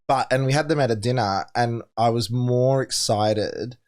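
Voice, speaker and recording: A man's voice: mid-range voice, normal speed, darkish tone. A young man, a bit tipsy, chatting as a podcast guest and telling stories with laughs and plenty of swearing. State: tipsy from drinks. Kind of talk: casual podcast chat.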